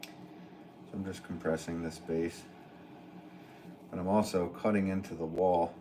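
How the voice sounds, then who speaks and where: Low-voiced man chatting while throwing pots. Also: little pitch movement, unhurried, mellow, a little hiss or hum. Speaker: potter streaming live. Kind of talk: casual live-stream chat while working. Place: pottery studio.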